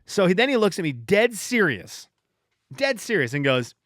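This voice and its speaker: Podcast guy in his 30s, kinda high voice that jumps all over, joking around, dry close sound. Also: normal speed, dry recording. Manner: animated, joking, often restarts sentences. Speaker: podcast host. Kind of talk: casual solo podcast storytelling.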